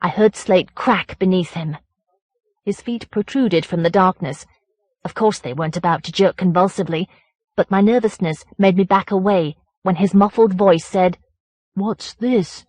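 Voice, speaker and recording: A woman narrating a horror audiobook in a measured, deliberate voice. Her pitch sits on the low side, and the recording is close and dry with no room sound. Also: a little mellow, dry recording. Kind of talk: audiobook reading of a horror story.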